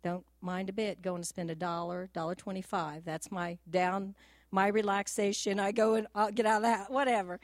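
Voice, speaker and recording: A middle-aged woman at church gives an earnest personal testimony, telling homely stories in a practical, gentle down-home way and at times nearly crying. Her voice is medium-pitched and level, her pace moderate, with no room sound.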